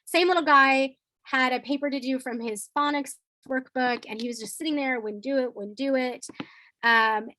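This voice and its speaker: Woman teacher, lively training talk, acts out kid-friendly phrases, dry recording. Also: high-pitched, normal speed, dry recording, poor audio.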